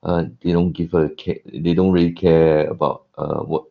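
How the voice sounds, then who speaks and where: A man's voice: deep voice, flat delivery, normal speed, vocal fry, lo-fi sound. A man playing a tabletop game, rambling a little and restarting his sentences. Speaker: player. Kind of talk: casual tabletop play.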